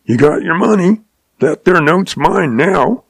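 A shrewd old cowboy drawls along in a calm, folksy way, amused at everyone else, as a man puts him on. The voice sits well above the reader's own and keeps a gravelly edge. The sound is dry and close. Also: a little high, unhurried, no room sound, pitched above the performer's own voice, full character voice. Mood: sly calm. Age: older.

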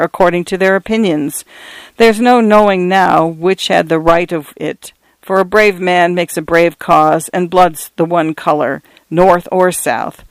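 Male story narrator, earnest and measured, smooth resonant tone, close dry sound. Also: high-pitched, no room sound, poor audio.

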